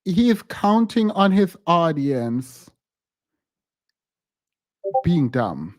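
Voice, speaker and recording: Skeptical, slightly high-voiced male host. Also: big pitch swings, drawn-out words. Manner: skeptical, exasperated, thinking aloud. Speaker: host reacting to a clip. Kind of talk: reaction commentary.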